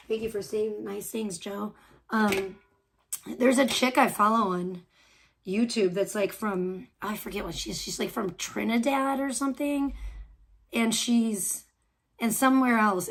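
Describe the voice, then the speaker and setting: A woman from Chicago with a Chicago accent softened by years on the West Coast, streaming live in a casual, rambling chat and often breaking off mid-sentence. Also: medium pitch. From Chicago, USA. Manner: reacts aloud to small mishaps. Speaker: livestreamer.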